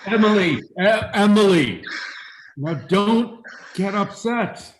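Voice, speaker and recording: A man reading the part of a gentle father of the bride, soothing and measured, in a staged play reading. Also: sits high, expressive. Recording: echoey room.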